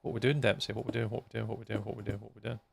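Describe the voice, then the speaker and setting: A man talks to his viewers during a live gameplay stream, his voice heavily gravelly. He chats casually between tasks. A faint hiss sits under the recording. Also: fairly low pitch, little pitch movement, rapid-fire. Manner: chatty, talks to viewers while playing. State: tired, yawning.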